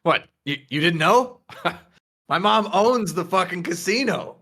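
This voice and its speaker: Guy doing a cocky swearing young dude, higher and brash. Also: lively intonation, takes it slowly, pushed and bright, exaggerated voice. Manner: brash, crude, mocking.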